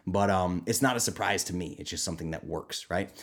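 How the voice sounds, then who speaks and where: A man hosting his own podcast as a nutrition coach, talking casually and animatedly, often jumping into high, excited mock voices. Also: fairly quick. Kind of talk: casual solo podcast talk.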